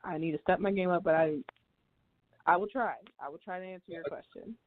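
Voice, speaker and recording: A woman's voice: lowish voice, brisk. A young woman on a call-in show, talking earnestly with frequent hesitant restarts. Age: young adult. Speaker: guest. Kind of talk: casual call-in chat. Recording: tinny phone line.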